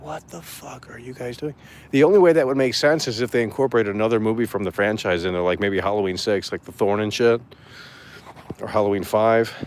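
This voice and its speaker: A man streaming live, chatting casually and reacting to chat in an excitable, profane way with frequent stammered restarts. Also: fairly low pitch. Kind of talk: casual livestream commentary reading chat.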